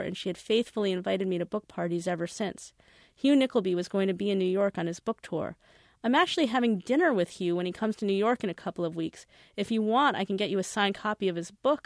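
A woman's voice: medium pitch, darkish tone, no room sound, clean studio sound. A woman, the author, introducing and reading aloud from her own novel in a wry first-person voice.

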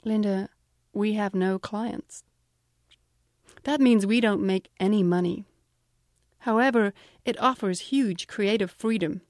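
A woman's voice: medium pitch, slow pace, long pauses, a little mellow, no echo, studio quality, lightly acted. A woman with a British accent voicing a brusque, blunt male agency boss who talks in a curt, dismissive, salesy way.

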